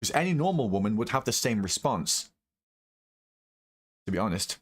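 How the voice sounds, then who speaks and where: A man hosting a live reaction, his voice sitting a little low. He rants in an angry, profane stream, repeating himself as his temper rises. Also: very animated, moderate pace, husky. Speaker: reaction video host.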